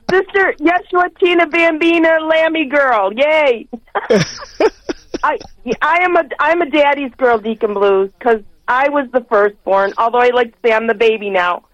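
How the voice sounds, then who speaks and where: A woman's voice: high voice, takes it slowly, long pauses, dry recording. A woman in her sixties calling in to a radio show, chatting effusively and rambling with frequent giggles. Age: 60s. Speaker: caller. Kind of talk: call-in radio chat. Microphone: telephone. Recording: dull phone line.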